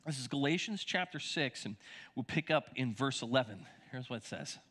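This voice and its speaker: A man's voice: medium pitch, expressive, moderate pace, a bit bright, husky. A middle-aged male pastor preaching a sermon in a conversational style, with restarts and asides to the congregation.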